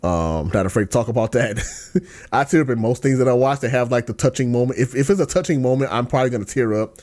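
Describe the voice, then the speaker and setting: A man hosting a podcast in casual chat, slangy and ranting, dropping to low mumbles and then bursting into excited outbursts. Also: fast talker. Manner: slangy, lots of fillers and restarts. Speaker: podcast host.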